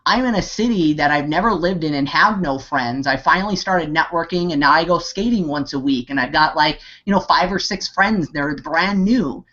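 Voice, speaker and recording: A man's voice: on the high side, normal speed, few pauses, pushed and bright. A man delivering a motivational pep talk over a video call, his words tumbling out between constant "you know"s, false starts and bursts of passion. The call audio sounds dull and lo-fi. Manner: rambling, heavy on 'you know' and fillers, restarts; impassioned and pep-talking. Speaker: network marketing team leader. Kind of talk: motivational talk on an online hangout.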